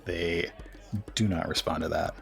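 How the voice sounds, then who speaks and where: A man running a tabletop game as game master, narrating scenes in a relaxed, conversational way. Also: sits low, a little slow, vocal fry, faint music behind.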